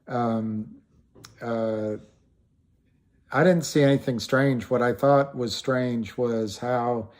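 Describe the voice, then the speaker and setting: A man's voice: mid-range voice, slow, long pauses, darkish tone. A man hosting a casual livestream, rambling with frequent restarts and trailing thoughts, and greeting viewers by name as he answers them. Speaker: livestream host.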